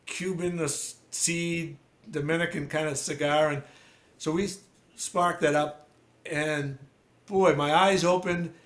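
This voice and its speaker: A man's voice: fairly high pitch, reverberant. A man with a Boston accent, a sales consultant chatting as an interview guest, telling stories with plenty of fillers and restarts. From United States. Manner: relaxed storytelling with many fillers and restarts. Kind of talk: casual interview chat.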